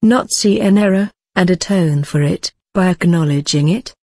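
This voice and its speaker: A woman voicing a gentle, persuasive young Corinthian man in a storybook reading, speaking calmly and kindly. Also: on the low side, normal speed, dry recording, lightly acted. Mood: pleading. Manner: calm, kindly pleading.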